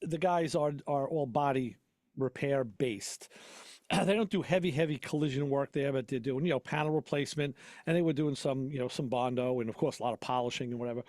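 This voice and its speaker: This casual podcast chat features a male host who works as an auto mechanic, spinning rambling shop tales with frequent laughter. His medium-pitched voice has a darkish tone and moves fairly quickly. The studio-quality recording has no room sound.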